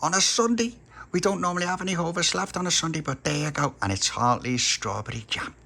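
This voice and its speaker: Chatty lad voiced by a man, eager, matter of fact, bright. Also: a little high, fast talker, gravelly, husky, voice pushed up, exaggerated voice.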